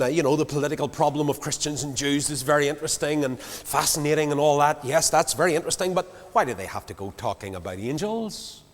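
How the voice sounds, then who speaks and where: A man preaching a sermon to a large congregation, swinging from loud declarations to quiet low asides. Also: quick pace, few pauses. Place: large church. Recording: long hall reverb.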